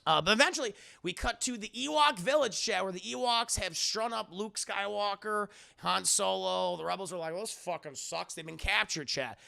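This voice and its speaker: A man streaming a casual, profane scene-by-scene film recap, excitable and often calling out to his chat. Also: high-pitched, normal speed, creaky, few pauses.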